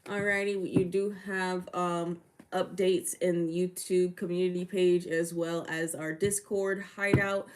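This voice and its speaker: A woman's voice: on the low side, little pitch movement, unhurried, a little mellow, a little hiss or hum. A woman hosting a casual livestream of readings, chatty and laughing often, greeting viewers by name. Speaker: livestream tarot reader and host.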